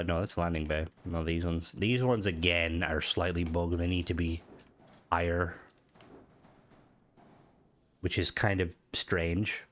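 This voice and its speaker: A man with a stuffy, nasal voice from hay fever. He gives casual game commentary and thinks out loud, often restarting his sentences. His voice sits on the low side. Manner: rambling, thinking aloud with restarts. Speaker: gaming video host.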